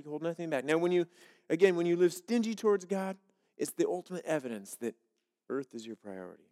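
A man's voice: fairly high pitch, animated, a little fast, mellow, big-room sound. A male pastor giving a sermon, earnest and repetitive, with joke illustrations. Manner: earnest, repeats key phrases, tells jokes as illustrations.

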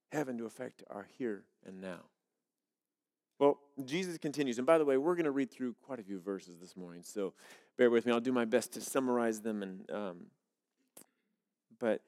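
A man's voice: mid-range voice, a little mellow, in a large hall. A male pastor giving a sermon, earnest and repetitive, with joke illustrations. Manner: earnest, repeats key phrases, tells jokes as illustrations.

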